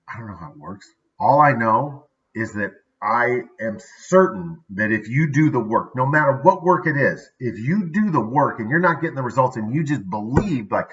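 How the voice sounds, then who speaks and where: Upbeat male vlog host, bright forceful tone, a bit far off the mic, dull lo-fi sound. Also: mid-range voice, lively intonation, moderate pace. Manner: upbeat, conversational, frequent "right?" asides. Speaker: daily video host. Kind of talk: casual motivational talk.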